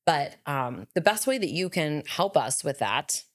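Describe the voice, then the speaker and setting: A woman's voice: sits low, very animated, a little slow. A woman in her thirties co-hosting a podcast, talking casually and filling her sentences with "like.". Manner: chatty, lots of "like" fillers. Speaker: podcast co-host. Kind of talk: casual chat.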